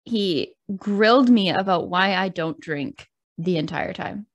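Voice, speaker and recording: Animated Canadian woman telling a story. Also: fairly low pitch, a little slow. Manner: animated, laughs often, acts out quoted voices. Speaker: podcast co-host. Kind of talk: casual storytelling chat.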